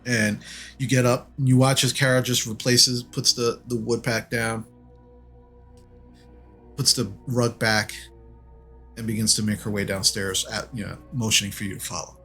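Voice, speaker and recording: A man's voice: medium pitch, little pitch movement, normal speed, pauses often, fairly bright tone, faint music behind. A man narrating a tabletop game as game master in a casual, loose way. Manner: casual, loose, many fillers.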